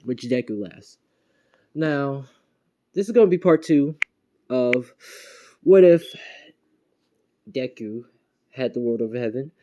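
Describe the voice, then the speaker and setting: A man's voice: mid-range voice, animated, takes it slowly, long pauses, dark tone, dull audio. A man casually retelling a fan story, rambling along with fillers and little chuckles.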